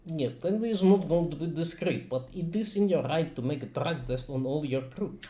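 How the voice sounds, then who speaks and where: A man voicing a gruff male ship doctor in a put-on Russian accent, muttering and hesitant as he works. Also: fairly high pitch, lively intonation, moderate pace, dark tone, reverberant, a little hiss or hum, natural voice. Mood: puzzled. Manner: hesitant, muttering while working.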